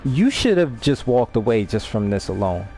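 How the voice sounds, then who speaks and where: A man of middle pitch chats through a story on a live stream, animated and loose with profanity, often stumbling and repeating words as he restarts a thought. Soft music plays faintly underneath. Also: normal speed. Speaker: livestream host. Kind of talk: casual storytelling chat.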